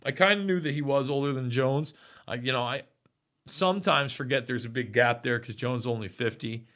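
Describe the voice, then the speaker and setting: Bright-voiced man in his forties hosting. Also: medium pitch, brisk. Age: 40s. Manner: rambling, reads viewer comments aloud. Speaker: livestream host. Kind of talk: casual live chat.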